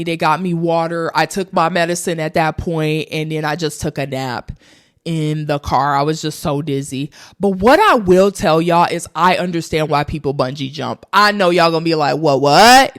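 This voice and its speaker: A young woman vlogging, telling a travel story casually and animatedly to her viewers. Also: low-pitched. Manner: animated, addresses viewers as y'all.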